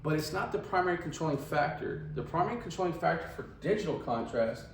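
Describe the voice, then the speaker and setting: A man's voice: on the high side, expressive, fast, vocal fry, reverberant, distant mic, a little hiss or hum, poor audio. Chatty male radiography teacher. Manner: chatty, asks "right?" often. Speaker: radiography instructor. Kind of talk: casual classroom lecture.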